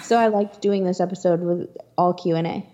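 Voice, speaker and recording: A woman co-hosting a casual podcast, easygoing and quick to laugh. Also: on the low side, fairly even intonation, mellow. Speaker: podcast co-host. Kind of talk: casual chat. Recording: dull lo-fi sound.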